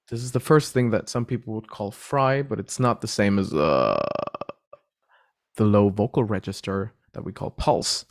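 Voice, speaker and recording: A male vocal coach talks through singing terms in a relaxed, patient way. His pitch moves a lot as he explains, with quick vocal demonstrations in between. The voice sits in the middle range for a man.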